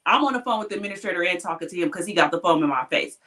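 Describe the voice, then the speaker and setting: A woman in casual chat tells a story from her hospital job. She is blunt and animated, swears freely, and jumps up in pitch when she quotes people. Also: racing. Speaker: hospital technician.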